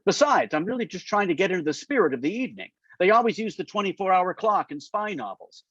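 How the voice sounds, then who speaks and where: A man's voice: high-pitched, very animated, quick pace, fairly bright tone, breathy edge, no echo, voice pushed up, exaggerated voice. A man reading aloud as an earnest, nervous young male aide who sounds eager and self-conscious. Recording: muffled lo-fi dry sound.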